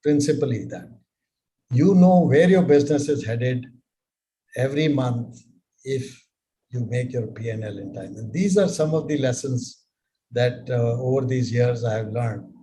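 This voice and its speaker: An older man giving business advice in a live mentorship session, speaking in a measured way with many rhetorical questions. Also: medium pitch, warm tone, rough recording.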